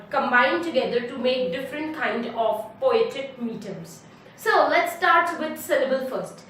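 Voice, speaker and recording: Woman, Indian English accent, high voice, teacher explaining poetic meter, very echoey room. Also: a bit bright, distant mic. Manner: mixes English and Hindi, repeats example words slowly to stress syllables. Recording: very echoey room, voice off-mic with faint ambient noise.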